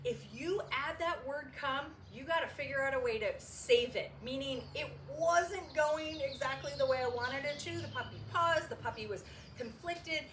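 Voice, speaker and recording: A woman dog trainer demonstrating training steps, who breaks into high, excited praise when calling the puppies. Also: moderate pace, a little hiss or hum. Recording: echoey room, voice from a distance.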